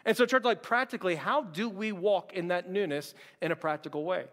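A young man preaching a sermon as pastor, conversational and joking with quick asides. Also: high-pitched, a bit bright, big-room sound. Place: church sanctuary.

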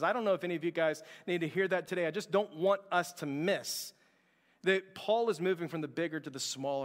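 Pastor guy preaching in a church, pretty high voice, big hall echo, gets fired up telling the story. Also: a little fast. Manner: impassioned storytelling, acting out quoted lines. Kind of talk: sermon. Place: church sanctuary. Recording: long hall reverb.

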